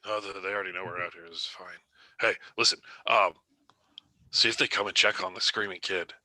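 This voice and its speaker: Casting: deep, hard-edged man, urgent tabletop player barking orders. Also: steady tone, a little fast, bright, forceful tone, dry recording. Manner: urgent, commanding. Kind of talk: in-character tabletop play.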